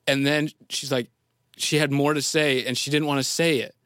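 A man, the show's audio engineer and a father, telling a family story as a guest in earnest, halting speech. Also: mid-range voice, clear, resonant tone, dry recording, clean studio sound. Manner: earnest, halting, animated when quoting. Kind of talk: storytelling in casual chat. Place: radio studio.

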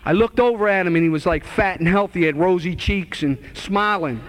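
A middle-aged preacher man telling his own story from the pulpit, high-pitched and fervent. He rises in pitch and volume when he acts out old conversations, and then he leans into earnest exhortation. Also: brisk. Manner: impassioned, acts out dialogue in a raised voice. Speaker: minister giving his testimony. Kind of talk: testimony sermon to a live audience.

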